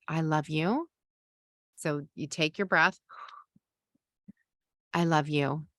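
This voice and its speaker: A middle-aged woman hosting a parenting podcast, teaching a masterclass in a calm, gentle coaching voice with slow pauses and soft sighs. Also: low-pitched, no echo, studio quality.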